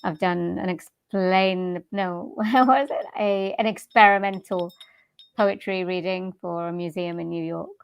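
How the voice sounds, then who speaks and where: A woman's voice: lowish voice, steady tone, a little slow, gravelly, smooth. A young woman, a singer and voice artist, chatting casually as an interview guest, laughing often and restarting her sentences. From Wales.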